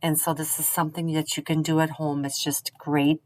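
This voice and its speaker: A middle-aged woman teaching parents in a gentle, encouraging, slow and clear way. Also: low-pitched, little pitch movement, slight background noise, rough recording. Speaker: early childhood teacher. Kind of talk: instructional video for parents.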